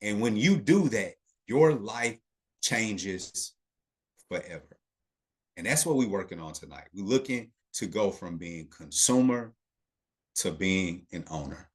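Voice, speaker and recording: Emphatic low-voiced man teaching investing. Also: expressive, unhurried. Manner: emphatic, talks straight to the chat audience; repeats key points, frequent "okay" checks. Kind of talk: live online class, casual teaching.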